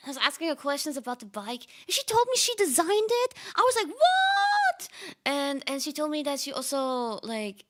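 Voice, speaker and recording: Bright, excitable young woman streamer. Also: sits high, fairly quick, hardly any pauses, slight background noise. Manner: excitable storytelling with frequent laughs. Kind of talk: casual chat stream.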